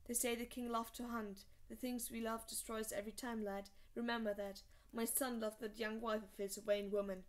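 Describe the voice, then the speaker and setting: A woman's voice: a little high, level tone, normal speed, few pauses, lightly acted. A woman doing a growling old lord commander. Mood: gruff. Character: gruff old male lord commander, blunt.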